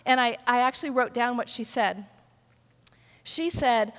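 A woman's voice: fairly high pitch, unhurried, pauses often, a bit bright. An older woman preaching a sermon, telling stories in a conversational way and acting out the voices of the people in them. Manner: storytelling, conversational, acts out quoted voices. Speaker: pastor. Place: large church sanctuary. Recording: long hall reverb.

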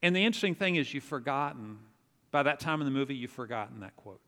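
A man preaching a sermon, telling a story in an animated way and acting out the quotes. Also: medium pitch, fast. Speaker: pastor. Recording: long reverb of a large hall.

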